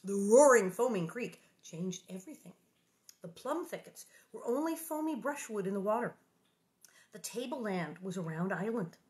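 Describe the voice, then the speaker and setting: A woman reading a children's novel aloud and breaking off into jokey, animated asides. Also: mid-range voice, moderate pace. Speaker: book reader and host.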